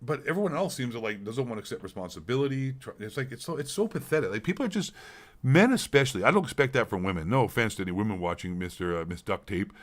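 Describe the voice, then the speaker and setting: This middle-aged Canadian man streams a heated, blunt rant, swearing nonstop and repeating himself. He talks fast and expressively in a mid-range voice with a fairly bright tone.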